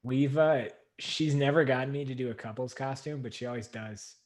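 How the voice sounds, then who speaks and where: A man at home hosting a relaxed livestream chat over a video call. He talks in an easygoing, rambling way, laughs a lot, and restarts his sentences as he goes. His voice sits at a medium pitch. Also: moderate pace. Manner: chatty, laughs often, trails off in restarts. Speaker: livestream host.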